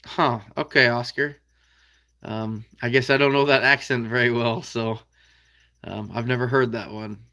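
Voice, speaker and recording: Bright-voiced folksy Midwestern man. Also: mid-range voice, fairly even intonation, measured pace. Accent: American Midwest. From Iowa. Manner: easygoing, folksy, chuckles often. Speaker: livestream host reading viewer comments. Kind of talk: casual livestream chat.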